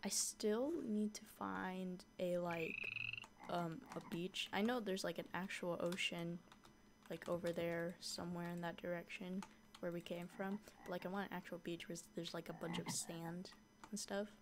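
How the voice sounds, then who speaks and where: A young woman chatting casually through a modded block-building game, easily scared and quick to shriek at monsters. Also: fairly low pitch, level tone, slight background noise. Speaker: gaming YouTuber. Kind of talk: casual gameplay commentary.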